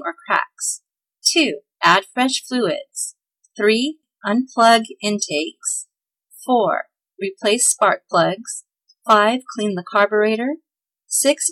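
A woman hosting a holiday podcast, reading news, listener tips and a chapter story in a cheerful, steady scripted narration. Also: mid-range voice, rough recording.

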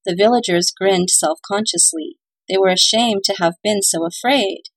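A woman's voice: medium pitch, moderate pace, gravelly, breathy edge, dry recording, low-quality recording. A woman narrating a children's Christmas story in a playful, cheerful announcer manner. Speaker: radio-style story reader. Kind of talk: scripted narration and reading.

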